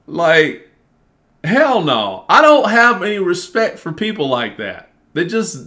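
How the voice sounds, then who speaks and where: A man venting to the camera in a casual monologue, cursing freely and acting out both sides of an argument in an animated way. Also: high voice. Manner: animated, profane, reenacts arguments. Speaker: vlogger.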